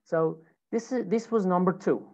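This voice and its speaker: A woman's voice: fairly low pitch, moderate pace, a little mellow, lo-fi sound. A woman teaching pronunciation in an online class, patiently repeating each word several times.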